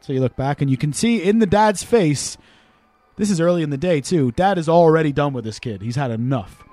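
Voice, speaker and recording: Man, podcast host, high voice, very lively intonation, swearing storyteller, dry close sound. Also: fairly quick, no room sound, faint music behind. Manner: animated, profane, comic storyteller. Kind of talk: casual storytelling chat.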